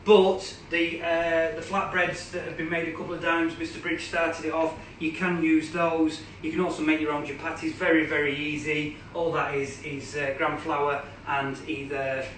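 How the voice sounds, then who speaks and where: A man's voice: a little high, flat delivery, moderate pace, hardly any pauses, fairly bright tone, distant mic, a little hiss or hum. Chatty English man cooking in an echoey kitchen. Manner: chatty, explains as he cooks, many ums. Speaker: cooking demonstrator. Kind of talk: casual live cooking demo. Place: home kitchen.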